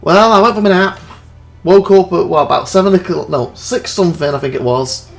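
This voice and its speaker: A man's voice: high voice, a little fast, gravelly, faint music behind. A young man hosting a let's play, rambling through anecdotes and acting out quotes with laughs. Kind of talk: casual chat over gameplay.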